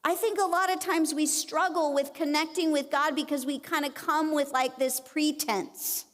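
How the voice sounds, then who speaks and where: High-voiced woman preaching in a church. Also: normal speed. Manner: conversational, animated, acts out quotes. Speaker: conference speaker. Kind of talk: sermon. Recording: long reverb of a church hall.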